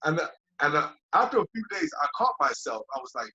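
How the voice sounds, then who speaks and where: This podcast guest is a man who teaches yoga, and his voice is fairly high and brisk. He loops back again and again with "you know what I mean," giving animated quoted voices to his old thoughts in a relaxed, reflective chat. The recording sounds dull and lo-fi.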